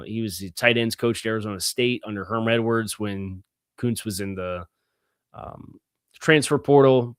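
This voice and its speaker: A male podcast host breaks down player stats in a loose, conversational sports analysis show that also includes host-read ads, using fillers and restarts and stressing key words. His fairly low voice is clear and resonant, recorded at studio quality with no room sound.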